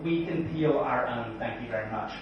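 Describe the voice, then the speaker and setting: Energetic man speaking in an echoey hall. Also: medium pitch, normal speed, a little hiss or hum. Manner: joking, energetic, quizzes the audience. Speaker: conference speaker. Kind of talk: keynote talk. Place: large conference hall. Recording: echoey hall, distant, dull sound.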